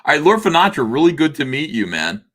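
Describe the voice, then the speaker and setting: A man's voice: a little high, very animated, fast talker, a bit bright. A middle-aged man hosting a casual livestream chat, hesitant with many fillers and laughing often. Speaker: livestream host.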